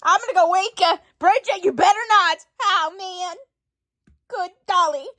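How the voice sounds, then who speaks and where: A woman voicing a cheerful, flirty country farm woman who yells at her animals, with a folksy drawl. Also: extremely high pitch, measured pace, exaggerated voice.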